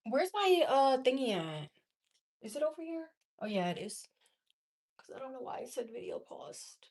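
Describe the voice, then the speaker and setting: A woman's voice: high-pitched, moderate pace. Slangy, blunt tarot-reading woman. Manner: blunt, slangy, profane and animated, laughs often. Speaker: tarot reader. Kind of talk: casual tarot reading monologue.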